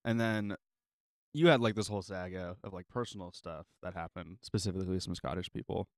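A man's voice: deep voice, brisk, dry recording, studio quality. A man hosting a casual podcast chat, laid-back, with lots of short replies while his guest talks.

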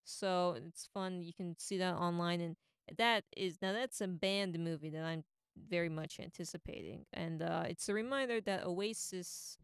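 A woman's voice: lowish voice, normal speed, smooth, no room sound, studio quality. A woman giving casual, opinionated commentary on film casting, rambling with many fillers and restarts. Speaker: entertainment commentator.

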